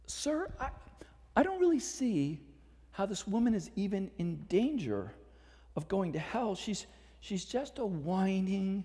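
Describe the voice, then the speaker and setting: A man's voice: high-pitched, big pitch swings, measured pace, dark tone, long reverb tail, pitched above the performer's own voice. A man doing a hesitant, puzzled young questioner. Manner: hesitant, stammering.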